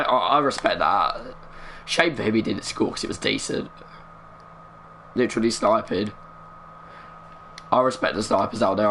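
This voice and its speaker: A young man giving live commentary while playing a football video game, keeping his voice down, chatty and muttering with bursts of excitement. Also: fairly low pitch, gravelly, a little hiss or hum. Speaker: gaming streamer.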